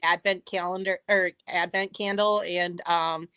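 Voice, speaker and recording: A woman's voice: lowish voice, steady tone, unhurried, sharp tone, clean tone, no echo, highs cut off. A woman chatting on a podcast, a giggly storyteller. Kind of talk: casual chat.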